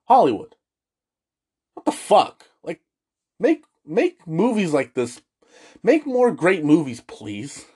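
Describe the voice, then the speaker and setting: A man hosting a casual movie review, excitable and gushing, swearing freely and restarting his sentences. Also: fairly high pitch, slow, pauses often, breathy edge.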